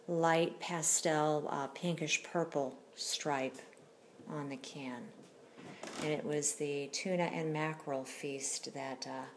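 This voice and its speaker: A woman breeder chatting casually as she films her kittens at home, unhurried and full of fillers. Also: sits low, slight background noise. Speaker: cat breeder. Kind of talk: casual home video narration.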